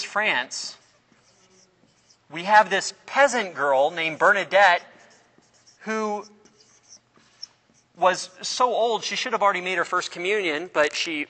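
A man's voice: high-pitched, sharp tone. A man teaching a religion class, quizzing his students, telling stories and often restarting his sentences. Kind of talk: classroom lecture. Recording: long reverb of a hall.

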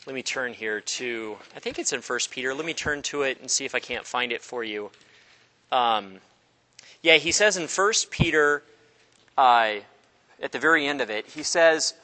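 A man's voice: medium pitch, animated, normal speed, bright, forceful tone, long reverb tail. A man teaching a casual Bible class, chatty and joking with his students, acting out little voices as he explains.

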